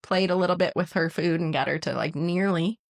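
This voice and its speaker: A young woman co-hosting a casual podcast, a mother of two small children, who chats warmly, laughs often and voices quotes in a bright tone. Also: on the low side, a little fast, creaky, dry recording, clean studio sound. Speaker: podcast co-host. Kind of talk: casual chat.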